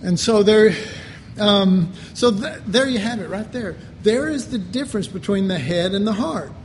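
A man preaching a sermon, slow and deliberate, with animated asides. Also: high voice, a little hiss or hum. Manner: slow, deliberate delivery with animated mock voices and laughter.

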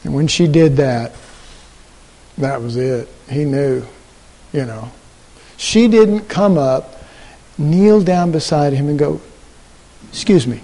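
A man preaching a sermon, telling a story in an animated way and acting out the voices of the people in it. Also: on the high side, slow pace, pauses often. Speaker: pastor. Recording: long hall reverb.

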